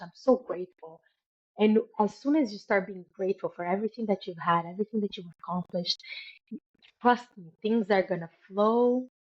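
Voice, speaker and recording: A woman's voice: medium pitch, moderate pace, a little mellow, dull audio. A woman guest in an interview, speaking earnestly and emphatically about moving through hard times, repeating key words for stress. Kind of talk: motivational interview talk.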